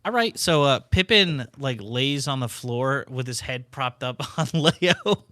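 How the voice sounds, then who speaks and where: Man, player, lively pitch, bright tone, hesitant. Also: unhurried, no room sound, clean studio sound. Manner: hesitant, laughing. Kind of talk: casual play.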